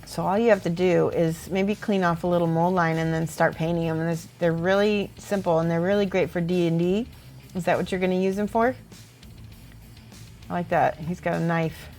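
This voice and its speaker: A chatty, encouraging woman with a slightly low voice talks through viewers' painted miniatures in a casual stream. Faint music plays softly under her. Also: fairly even intonation, moderate pace. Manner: chatty, encouraging, laughs often. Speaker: miniature painting host and teacher. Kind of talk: casual livestream critique.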